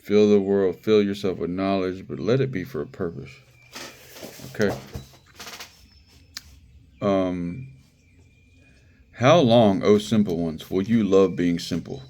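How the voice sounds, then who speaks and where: A man's voice: deep voice, takes it slowly, pauses often, a little mellow. Brief: male preacher, informal and conversational, drives points home by repetition. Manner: conversational, repeats phrases for emphasis, laughs. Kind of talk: casual sermon.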